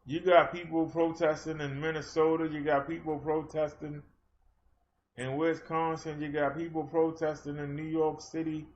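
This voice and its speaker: A man's voice: fairly high pitch, flat delivery, moderate pace, slight background noise. Fiery confrontational man ranting on a livestream. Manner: fiery, confrontational, challenges his chat. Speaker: livestream host. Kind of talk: livestream rant. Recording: dull lo-fi stream audio.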